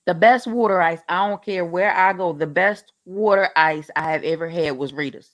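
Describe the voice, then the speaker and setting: A woman's voice: fairly low pitch, moderate pace, dry recording. A woman with a Philadelphia accent, telling sassy stories in casual chat. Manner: sassy, self-described smart aleck.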